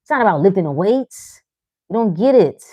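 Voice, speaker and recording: A woman's voice: mid-range voice, lively intonation, moderate pace, slightly rough, dry recording, dull audio. A woman hosting a live motivational talk, speaking frankly and profanely, teasing her listeners with short laughs as she reads their comments. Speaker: livestream host reading chat.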